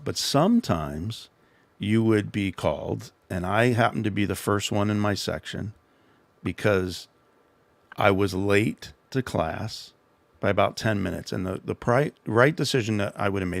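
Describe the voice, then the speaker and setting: Middle-aged guy rambling thru an old story, low gravelly voice, dry close sound. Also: moderate pace, dry recording. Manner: rambling, self-deprecating, frequent restarts. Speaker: livestream host. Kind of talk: casual storytelling advice.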